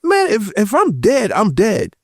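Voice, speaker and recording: Guest, male, higher voice, blunt, fired-up and profane, dry sound. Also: wildly swooping pitch, unhurried, no room sound. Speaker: podcast guest. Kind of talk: roundtable discussion.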